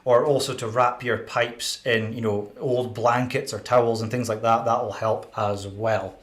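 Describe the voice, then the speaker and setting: A man hosts a casual live chat and talks through practical tips at an easygoing clip. His voice sits in an ordinary middle pitch, friendly and matter-of-fact. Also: steady tone, normal speed. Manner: chatty, practical, running through notes. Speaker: window cleaning channel host.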